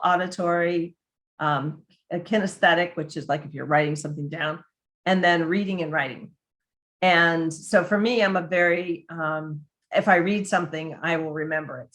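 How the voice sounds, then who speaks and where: A woman who writes about dementia care gives a chatty, conversational presentation in a fairly low, fairly bright voice. She restarts her sentences often and acts out the voices of the people she quotes.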